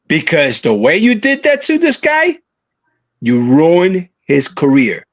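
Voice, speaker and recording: A man with a high, lively voice gives earnest commentary on a wrestling podcast. He stretches out words for emphasis and swings his pitch up and down as he makes his case. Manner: earnest, drawn-out emphatic delivery. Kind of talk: casual opinion commentary.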